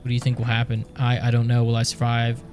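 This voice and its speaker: A man's voice: medium pitch, completely flat delivery, fast, a little mellow, natural voice. A man voicing a nervous stranger in a horror game who frets about surviving. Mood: anxious. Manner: anxious, fretful. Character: nervous man fleeing the deadly heat.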